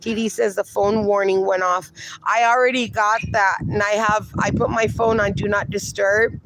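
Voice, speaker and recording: A man's voice: sits high, level tone, moderate pace, noisy background. A middle-aged man livestreaming from his backyard at night, chatting affectionately and reading viewer comments aloud, with dogs around.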